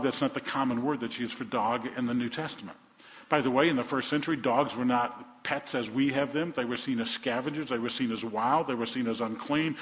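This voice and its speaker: A man's voice: medium pitch, fairly bright tone. A man preaching a sermon as pastor. He talks earnestly, repeats his words and asks his listeners questions. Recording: echoey hall, dull lo-fi sound.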